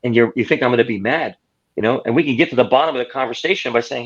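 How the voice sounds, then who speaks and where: A man's voice: mid-range voice, very fast. A man speaks as an interview guest, laying out his ideas through everyday stories and short acted-out quotes. His voice sits in a middle register. The recording sounds a little dull. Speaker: guest author. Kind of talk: conversational interview.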